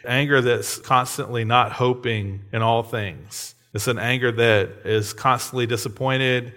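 Male pastor, 30s, relaxed conversational sermon, mid-pitched voice, keeps asking the room "right?". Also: measured pace, few pauses. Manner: conversational, frequent tag questions.

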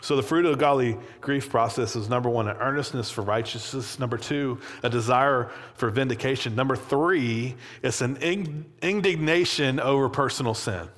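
A man preaching a sermon in a relaxed, conversational way, with plenty of casual fillers. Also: medium pitch, moderate pace, hardly any pauses. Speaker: pastor. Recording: long hall reverb.

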